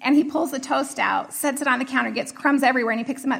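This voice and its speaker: A woman's voice: sits high, racing, vocal fry, husky. A middle-aged woman telling a personal story in a casual way, laughing often and acting out what was said. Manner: laughing often, animated retelling of dialogue.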